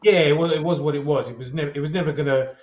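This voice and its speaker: A man talking as a guest fan in casual football chat, halting and restarting often but upbeat. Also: on the high side, darkish tone, echoey room, highs cut off. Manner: hesitant, many fillers and restarts, upbeat.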